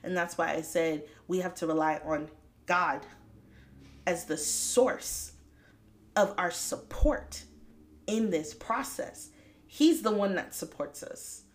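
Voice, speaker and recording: A woman hosting a faith-based motivational podcast, talking straight to listeners in a lively, preachy way and laughing often. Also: on the low side, slow, long pauses. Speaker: podcast host.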